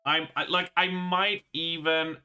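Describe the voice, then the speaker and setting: A man live-streaming a horror game, reading its narration aloud and reacting with excited exclamations and swearing. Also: fairly high pitch, takes it slowly, smooth.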